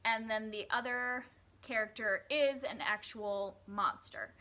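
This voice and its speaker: Woman, young adult, casual book review, chatty, fillers and self-corrections, bright tone. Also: on the high side, a little slow.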